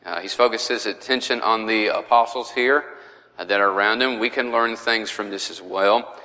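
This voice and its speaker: A man's voice: lowish voice, normal speed, sharp tone, big-room sound, poor audio. A man teaching a verse-by-verse Bible study in a conversational way, with frequent fillers.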